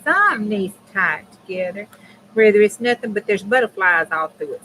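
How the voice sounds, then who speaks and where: A middle-aged woman with a drawl hosts a crafting livestream from her home craft room. She chats in a folksy, easygoing way, talking straight to her viewers. Her voice sits at an ordinary pitch for a woman. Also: lively intonation, brisk, noisy background. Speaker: craft channel host. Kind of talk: casual chat while crafting on a livestream.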